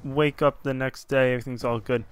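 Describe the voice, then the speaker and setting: A young man casually telling a long story over gameplay as a commentator, animated and rambling, with constant "I'm like" asides. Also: medium pitch, brisk, clear, resonant tone.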